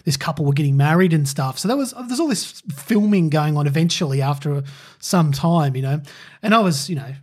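Husky-voiced man telling a rambling story. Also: on the high side, lively intonation, brisk, darkish tone. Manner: rambling, with many fillers and laughs. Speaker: podcast co-host. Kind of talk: casual storytelling chat.

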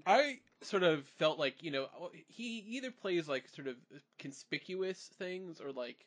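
A man's voice: high-pitched, expressive, measured pace, fairly bright tone. Rambling man hosting a podcast chat. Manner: rambling, hedging with "like" and "you know". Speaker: podcast host. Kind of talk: casual chat.

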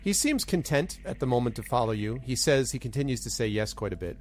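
A man's voice: mid-range voice, big pitch swings, fast talker, darkish tone. A man narrating as game master of a tabletop game, playful and storytelling.

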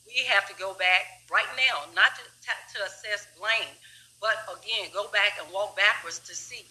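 A woman who leads a law enforcement organization, answering interview questions in a measured, formal, professional way. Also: medium pitch, sharp tone, rough recording. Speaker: law enforcement executive guest.

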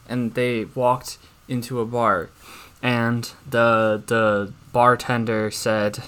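A young man doing an awkward, deadpan stand-up routine, halting and stammering through constant fillers and restarts. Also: medium pitch, smooth. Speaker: stand-up comic.

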